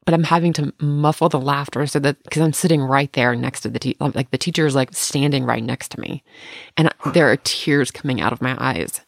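A middle-aged woman co-hosting a casual chat, telling animated stories and laughing often. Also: rumbling low, a little fast, gravelly, no room sound, clean studio sound.

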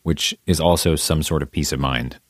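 Man, extremely deep voice, calm and reassuring, dry close sound. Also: moderate pace, no room sound. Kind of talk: casual chat.

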